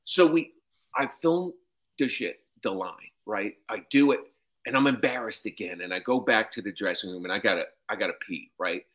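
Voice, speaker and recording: A man telling a comic story, profane and animated, lacing it with "I'm like" and "she's like". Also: fairly low pitch, normal speed. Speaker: comedian storyteller.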